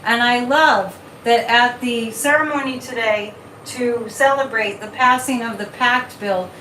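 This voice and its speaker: Brief: high, bright-voiced woman hosting a live chat stream, animated and repetitive. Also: unhurried, a little hiss or hum. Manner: animated, repeats words, reads viewer comments. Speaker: psychic livestream host. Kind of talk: casual livestream chat. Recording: echoey room, mic at a distance.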